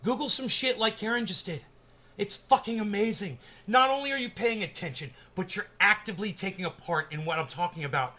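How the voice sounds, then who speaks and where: Bright-voiced man ranting on a live show. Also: high voice, fairly quick. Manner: swears heavily, swings from muttering to excited shouting. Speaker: host of a live cannabis stream.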